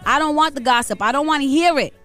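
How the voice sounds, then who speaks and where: A woman's voice: high-pitched, quick pace, fairly bright tone, faint music behind. A woman in her forties from Rhode Island, co-hosting a morning radio show in blunt, preachy, fiery casual talk. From Rhode Island, USA. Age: 40s. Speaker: radio co-host.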